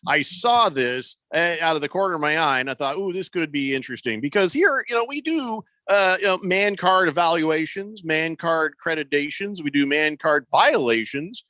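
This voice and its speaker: A man's voice: fairly high pitch, expressive, moderate pace, hardly any pauses, pushed and bright, no echo. A man hosting a sports radio show, giving joking, mock-authoritative advice in casual studio banter.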